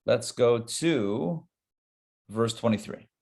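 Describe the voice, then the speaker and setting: A man, a rabbi, teaching a live Torah class in an animated, conversational way, talking straight to his listeners. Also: medium pitch, takes it slowly, creaky.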